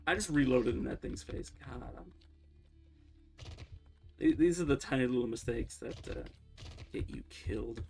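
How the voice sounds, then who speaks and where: A man streaming a game, talking through his play in a loose, rambling way and often correcting himself mid-sentence. His voice has a gravelly, creaky edge, with faint music and keyboard typing behind him. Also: medium pitch, normal speed, pauses often, a little mellow. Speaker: livestreamer playing a game. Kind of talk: casual gameplay commentary.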